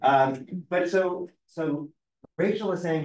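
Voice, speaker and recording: A man's voice: mid-range voice, normal speed, a little mellow, muffled recording. A man leads a study class as a rabbi, walking through a passage in a thoughtful, explanatory way and reading lines aloud. He sits away from the microphone, so the room's echo colors every word. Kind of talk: conversational text study. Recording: roomy, distant mic.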